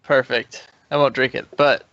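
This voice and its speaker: A man's voice: medium pitch, fairly even intonation, normal speed, fairly bright tone, no room sound. A man playing a tabletop game, joking and teasing, on dull lo-fi audio. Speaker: player. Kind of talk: casual tabletop play. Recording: dull lo-fi dry stream audio.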